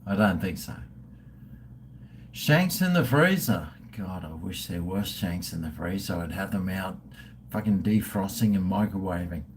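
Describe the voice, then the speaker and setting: Slow-talking crude Australian man in his fifties. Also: low voice, lively intonation, a little hiss or hum. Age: 50s. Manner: crude, joking, swearing; drinking and toasting viewers. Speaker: livestream host. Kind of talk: casual live-stream chat.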